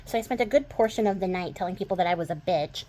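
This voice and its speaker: A woman's voice: mid-range voice, rapid-fire, dark tone, slight background noise. A young woman from the western United States with a light Texas twang over a West Coast accent, rambling casually about her crafts with lots of fillers and laughs. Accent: mild Texas twang over a West Coast accent. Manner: chatty, rambling, laughs often, many fillers. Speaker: crafting channel host.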